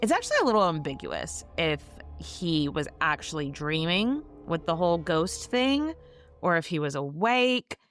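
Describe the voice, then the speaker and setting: A woman's voice: sits low, sing-song, normal speed, fairly bright tone, soft background music. A woman podcast host recapping a classic novel in a breezy, gossipy, irreverent way, with swearing, on a close mic. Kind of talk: casual book recap.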